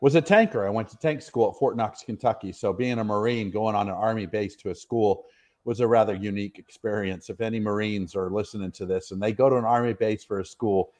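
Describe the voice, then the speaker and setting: A middle-aged man from the northwestern United States sits for a casual interview and spins long, meandering stories. His voice sits slightly low. He talks in a relaxed, rambling way, full of fillers and quick apologies for going on. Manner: rambling, chatty, self-deprecating, many fillers. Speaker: interview guest, retired soldier.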